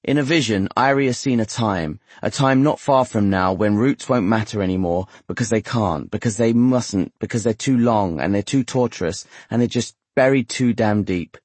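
A man narrating a literary novel in a measured, steady, wry manner. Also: on the low side, dry recording. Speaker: audiobook narrator.

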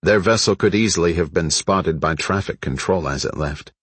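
A man narrating an audiobook in a steady, measured way. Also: deep voice, slightly rough, dry recording. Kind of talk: scripted narration.

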